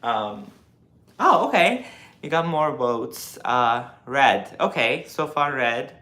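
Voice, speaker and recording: A man in his twenties on a casual live stream, reading viewer comments and answering them in an animated, lecturing way with lots of fillers. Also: mid-range voice, slow. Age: 20s.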